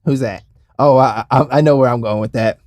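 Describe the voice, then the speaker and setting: A man co-hosting a casual podcast chat, laughing often, his mouth dry and a little hoarse. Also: mid-range voice, brisk, a little mellow, dry recording. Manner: laughing, does cartoon voices. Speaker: podcast co-host.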